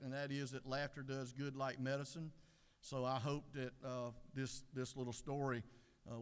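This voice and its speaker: A middle-aged man giving a folksy devotional sermon, unhurried with many fillers. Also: medium pitch, smooth. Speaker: devotional speaker. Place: legislative chamber. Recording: echoey chamber.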